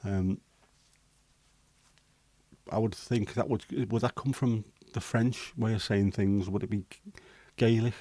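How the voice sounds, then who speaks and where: Speaking a little slowly and pausing often, a Liverpool-accented man from Liverpool, England hosts a relaxed livestream, rambling hesitantly through viewer comments with the odd swear. His voice is fairly low and dark, with a steady tone and no echo.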